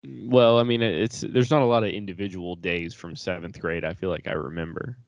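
A young man with a low voice co-hosts a podcast in loose, rambling casual chat. He swears freely and breaks into laughter. The sound is dry and close with no room behind it. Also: fairly even intonation, a little fast, creaky, dry recording, highs cut off. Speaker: podcast co-host.

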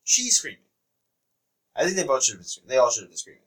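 A man's voice: medium pitch, quick pace. A man co-hosting a casual wrestling podcast, animatedly retelling what happened on the show. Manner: animated retelling with laughter and quoted voices. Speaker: podcast co-host.

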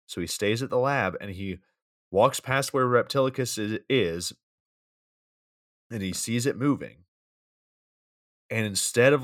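A man's voice: fairly low pitch, a bit bright, no echo, studio quality. A man co-hosting a casual podcast, recapping a bad movie scene by scene in a rambling, profane, wry way. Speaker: podcast co-host.

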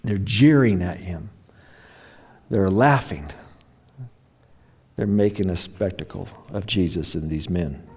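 Male pastor, low mellow voice, dramatic sermon delivery with acted-out quotes. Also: slow, long pauses, slightly rough. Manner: dramatic preaching, voices the mocking crowd and criminals.

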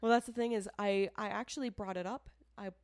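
Brisk and blunt, this co-host of a casual true-crime podcast swears and laughs a lot while voicing her indignation. She has a mid-range, fairly evenly intoned voice, recorded with no room sound, and comes from outside the show's home area.

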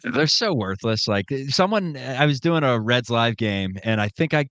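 A man's voice: medium pitch, very animated, normal speed, fairly bright tone, dry recording. Joking male podcast host, dry close sound. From Ohio. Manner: joking storyteller, ribbing banter. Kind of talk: casual podcast chat.

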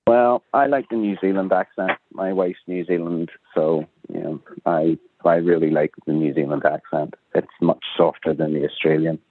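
Deep-voiced Belfast man on the phone. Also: fairly even intonation, normal speed, few pauses, dry recording. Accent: Northern Irish, Belfast. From Northern Ireland. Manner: plainspoken, matter-of-fact explaining. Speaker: interview guest. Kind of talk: talk radio interview by phone. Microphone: telephone. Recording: tinny phone line.

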